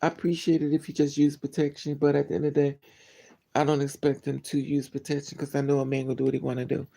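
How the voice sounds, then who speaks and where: A man hosting a livestream, telling a personal story to his viewers in a candid, animated, blunt way. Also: a little high, fast, gravelly. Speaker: livestream host. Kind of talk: casual storytelling to a live chat.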